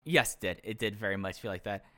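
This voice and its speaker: A man's voice: lowish voice, fast, pushed and bright, dry recording. Guy cohosting a podcast, rambly and opinionated, dry close sound. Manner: chatty and opinionated, with frequent restarts and laughs. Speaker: podcast co-host. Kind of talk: casual chat reviewing a wrestling show.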